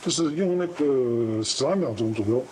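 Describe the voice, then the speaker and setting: A man talks in a halting, rambling way at an ordinary pitch. He is heard on a covert recording with loud steady noise behind him. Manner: hesitant, rambling. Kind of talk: recorded conversation.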